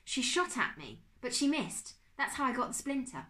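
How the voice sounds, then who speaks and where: Woman doing a young boy, anxious, angry, hurried, lively pitch, storybook reading. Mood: urgent. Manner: urgent, hurried.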